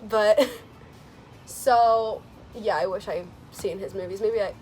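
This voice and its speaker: A young woman vlogger chatting casually about a movie she just saw, gushing and excitable, with lots of "like"s, laughs and sighs. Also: slow pace, a little hiss or hum. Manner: gushing and excitable, many "like"s, laughs and sighs, swings into squealing high quotes. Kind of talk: casual chat.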